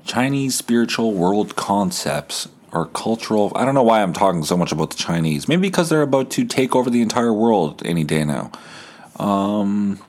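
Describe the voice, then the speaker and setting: A man hosting a solo podcast, rambling casually with deadpan sarcasm and jokes. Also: fairly low pitch, moderate pace. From Canada. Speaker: podcast host.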